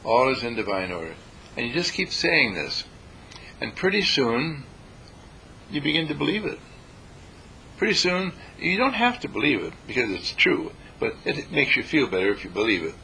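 A man with a bright, gravelly voice teaches meditation in a folksy, repeating style. He sometimes acts out a panicked worrier before calming down again. A faint hiss and low rumble sit under the recording. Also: normal speed, poor audio. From California. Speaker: dean and spiritual teacher. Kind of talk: spoken meditation lesson.

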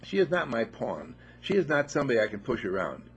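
A man giving an informal spiritual talk to a small group at a monastery, animated and playful, full of rhetorical questions. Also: medium pitch, quick pace. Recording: dull lo-fi recording.

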